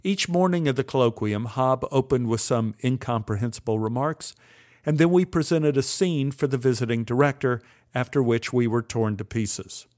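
A man's voice: mid-range voice, normal speed, darkish tone. An older man recounting a memory with wry, dry humor. He tells it as a storyteller would, with an easy, conversational flow. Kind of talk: personal storytelling monologue.

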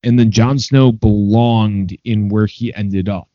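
A man's voice: lowish voice, fairly even intonation, slow, warm tone, dry recording, highs cut off. A man co-hosting a podcast, giving rambling hot takes in casual chat with lots of fillers. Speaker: podcast co-host.

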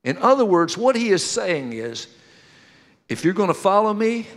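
A man with a high voice preaches to his congregation, telling stories with lively energy and calling out questions to the room. His words ring with a long reverb through a church hall. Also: normal speed. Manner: animated storytelling with questions to the congregation. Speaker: pastor. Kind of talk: sermon.

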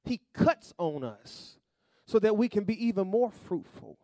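A male pastor preaching a sermon, calling to the congregation and rising to loud emphatic bursts. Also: high-pitched, very animated, unhurried, no room sound, studio quality.

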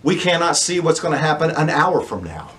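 A man preaching a sermon, asking the congregation rhetorical questions and pausing for emphasis. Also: on the high side, very animated, fairly bright tone.

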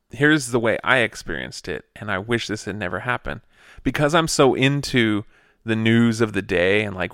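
A man co-hosting a podcast, chatting about a movie in an animated, teasing way and laughing often. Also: lowish voice, smooth, dry recording, clean studio sound. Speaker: podcast co-host. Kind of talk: casual chat, movie discussion.

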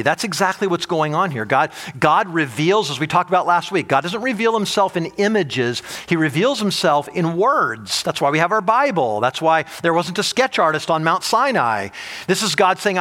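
A male pastor preaching a sermon, animated, asking the audience rhetorical questions and often restarting and repeating words. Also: on the high side, moderate pace.

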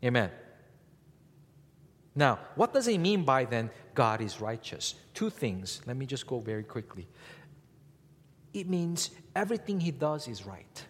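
A male pastor with a slightly husky voice preaches to his congregation, his pitch rising and falling in a lively way. He keeps asking the room rhetorical questions. His words ring out with the long reverb of a large church hall. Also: measured pace, long pauses. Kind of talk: sermon.

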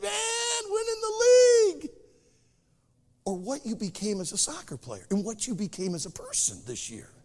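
A man preaching a sermon, telling stories in an animated way. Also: sits high, breathy edge, in a large hall. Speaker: pastor.

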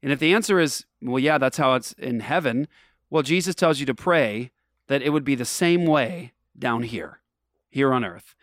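A man of middle pitch hosts a faith talk show in an earnest, emphatic, preacherly way. He sounds a little tired from travel. The recording is dry, with no room sound. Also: expressive, moderate pace, fairly bright tone, no echo. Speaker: radio show host.

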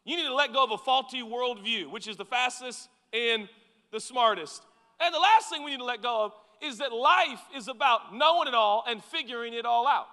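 A man pastor preaching a sermon in an animated, conversational way, with asides to the crowd. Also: very high voice, a little fast, long reverb tail.

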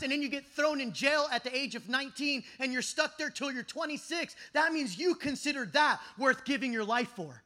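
A young man preaching a fervent youth camp sermon, shouting at peaks and dropping to hushed asides. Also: very high voice, fairly quick, few pauses. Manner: impassioned, often shouting, swings between loud and hushed.

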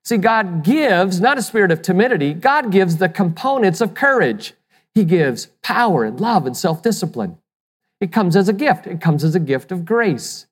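A pastor delivers a sermon in a middle-pitched voice, pressing points home with rhetorical questions and the odd repeated word. The sound rings with the long reverb of a large hall. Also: sing-song, normal speed, breathy edge. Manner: emphatic, asks the listeners rhetorical questions; repeats words when restarting.

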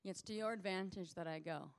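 Jesus as a woman voices him, calm and friendly. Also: fairly low pitch, fast talker, clear, resonant tone, no echo, natural voice. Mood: reassuring. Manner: relaxed, friendly, matter-of-fact. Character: warm, calm Jesus, a grown man, reassuring.

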